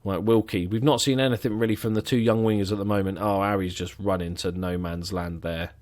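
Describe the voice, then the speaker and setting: Low-voiced man, sarcastic game commentary. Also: steady tone, fairly quick, darkish tone. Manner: sarcastic, muttering asides. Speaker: gaming commentator.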